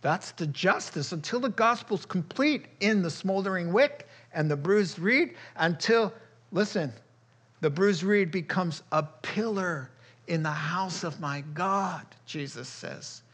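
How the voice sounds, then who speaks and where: A male pastor gives a conversational sermon, often chuckling and bursting into loud, emphatic moments. His high voice has lively intonation and a breathy edge, and he speaks without hurrying.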